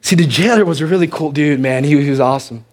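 A man's voice: on the high side, fast. A man preaching in church, telling a story with energy and acting out the characters. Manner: animated, acts out the characters. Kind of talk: sermon storytelling.

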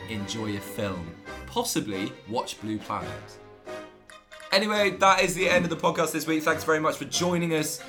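Bright-voiced man, animated podcast co-host. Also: a little high, normal speed, faint music behind. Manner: laughs often, reads reviews aloud. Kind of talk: casual comedic chat.

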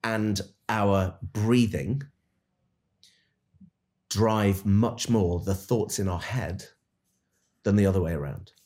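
A man with a very low voice, talking on a podcast as a dentist turned coach. He speaks in an earnest, animated way, like someone used to coaching a room. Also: takes it slowly, pauses often. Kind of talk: casual podcast storytelling.

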